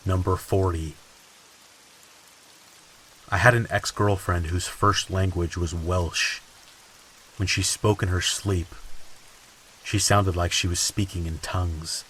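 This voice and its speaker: A man reading creepy stories in a slow, ominous scripted narration. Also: sits low, fairly even intonation, a bit bright, poor audio. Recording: faint hiss and rain sounds behind. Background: rain ambience.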